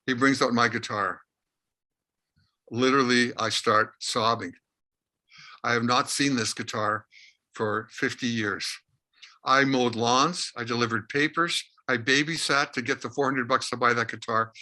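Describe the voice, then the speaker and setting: An older man from Canada, a rock musician interviewed as a guest, telling a long anecdote in a lively way and acting out the dialogue. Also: medium pitch. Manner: lively anecdotal storyteller, acts out quoted dialogue. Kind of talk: animated storytelling.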